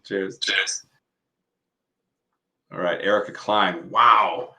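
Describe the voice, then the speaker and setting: A man's voice: deep voice, steady tone, takes it slowly, pushed and bright, low-quality recording. A man hosting a podcast, upbeat and grateful, thanking his guest. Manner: enthusiastic, grateful. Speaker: podcast host. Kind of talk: casual interview chat.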